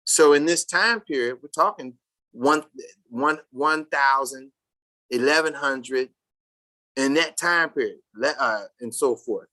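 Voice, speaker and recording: A Sabbath class teacher reading a text aloud to a class and commenting on it, speaking haltingly with many restarts and bursts of loud emphasis. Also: mid-range voice.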